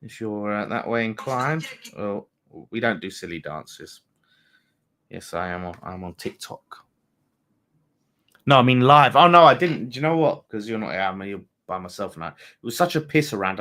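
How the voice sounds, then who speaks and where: A man hosting a live fan watchalong of a football match, talking excitably to his viewers, swearing freely and bantering as the play unfolds. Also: fairly low pitch, moderate pace. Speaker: fan channel host.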